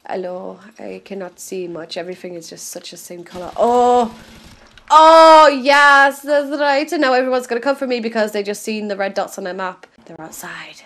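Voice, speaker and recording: A woman's voice: on the high side, normal speed, a bit bright. A young woman swearing her way through gameplay commentary, bursting into shrieks and laughter. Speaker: gaming video host.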